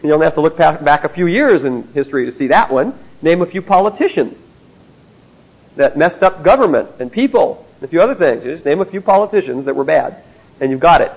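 A high-pitched man delivers a classroom theology lecture. He talks in an emphatic way and keeps checking in with his listeners by asking "see?". The recording sounds dull and lo-fi. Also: expressive, fairly quick, slightly rough. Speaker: Bible teacher.

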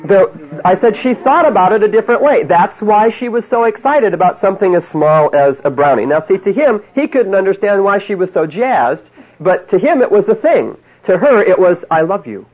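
A man's voice: high-pitched, lively intonation, normal speed, a little mellow, slightly rough. A man giving a seminar talk to a live audience, telling folksy stories with little chuckles and often asking "you see?". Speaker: seminar speaker on marriage. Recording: dull lo-fi tape of a talk.

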